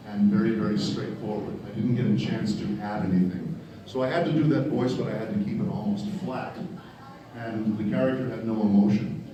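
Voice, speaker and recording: Male voice actor at a panel Q&A, dark mellow tone, candid and wry, heard from far off in a big echoey hall. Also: lowish voice, a little hiss or hum. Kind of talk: panel Q&A storytelling.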